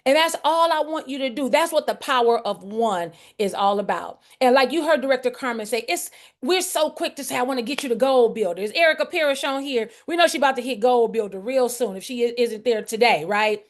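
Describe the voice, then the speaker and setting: A woman whose voice is a little high and a little fast leads a group coaching video call with lots of energy. She calls on participants by name and repeats key phrases for emphasis.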